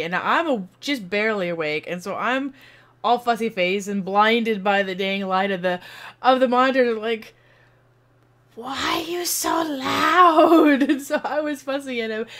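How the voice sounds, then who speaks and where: A woman streamer chats to her viewers and tells a long, rambling story. She acts out the voices as she goes, with lots of fillers and restarts, in a casual, animated way. Her voice sits at a middle pitch for a woman. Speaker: streamer and video host.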